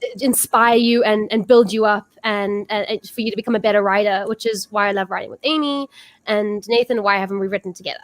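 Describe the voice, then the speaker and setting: A woman's voice: mid-range voice, steady tone, fairly quick. A woman hosting a casual online music show, gushing and restarting her sentences as she chats. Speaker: host. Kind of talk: casual chat and live singing.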